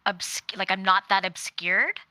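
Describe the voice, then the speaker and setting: A woman playing in a tabletop game, chatting casually and asking quick questions. Her voice is bright and crisp, and the recording is dry and close. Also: mid-range voice, no room sound, poor audio. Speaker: player.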